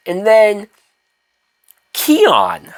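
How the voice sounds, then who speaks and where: A man's voice: high-pitched, wildly swooping pitch, extremely slow. A man reviewing a TV episode in a rant, exasperated and profane, firing off rhetorical questions. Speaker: TV show reviewer.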